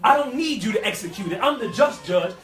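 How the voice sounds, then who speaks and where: Brief: a high-pitched New man with a lively, folksy preaching style, recorded from a distance in an echoey room. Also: fairly quick, faint music behind. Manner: animated, folksy, with vernacular asides and repeats. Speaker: speaker at a youth life-skills session. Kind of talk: motivational talk with preaching flavor.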